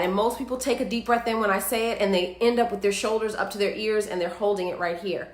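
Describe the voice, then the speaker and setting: An upbeat, chatty woman hosts a live wellness stream and coaches her viewers step by step through simple exercises. Her voice sits at a middling pitch. The sound carries a noticeable room echo. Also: steady tone, fast talker, few pauses. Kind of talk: live-streamed instructional talk.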